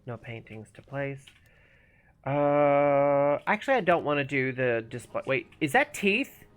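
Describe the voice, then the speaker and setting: A gaming streamer chatters casually through a play session, thinking out loud and sometimes mumbling. The pitch moves around a lot, bouncing up and down. Faint game music plays underneath. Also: lively intonation, measured pace, clean tone. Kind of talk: casual live-stream commentary.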